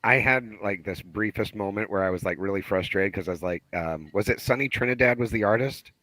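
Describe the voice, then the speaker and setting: A man with a cold, talking hoarsely as a guest on a podcast call, chatty, laughing and restarting often. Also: on the low side, brisk, pushed and bright, dry recording, poor audio. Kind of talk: casual chat. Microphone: video call.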